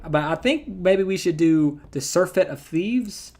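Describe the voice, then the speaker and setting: Man, casual game streamer, rural twang, rambling chat, fairly high voice. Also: expressive, a little slow, a little mellow. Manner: chatty, rambling, self-correcting. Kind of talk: casual gameplay commentary.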